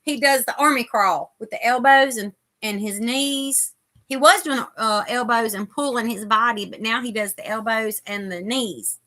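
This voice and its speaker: A woman's voice: a little high, moderate pace, sharp tone. A woman hosting a casual live chat, reading viewer comments aloud as she crochets. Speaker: host.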